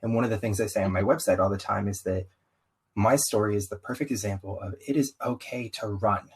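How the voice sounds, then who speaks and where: A young man with a slight Southern US accent, candidly telling his story in an interview, animated and full of "like" asides. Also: on the low side, fast, breathy edge, rough recording. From US, Southern-ish family. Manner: animated, frequent "like" asides, acts out quotes. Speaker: podcast guest.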